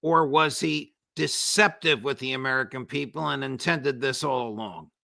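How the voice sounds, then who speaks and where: A man hosting an interview, asking measured, pointed questions and introducing clips. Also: medium pitch, vocal fry, sharp tone, no echo, clean studio sound. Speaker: show host. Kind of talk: interviewing a guest.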